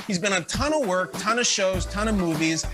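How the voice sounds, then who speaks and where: A man hosting from a quarantine hotel room, telling a story in an excitable, playful way. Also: high voice, brisk, over music. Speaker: show host. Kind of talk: animated storytelling.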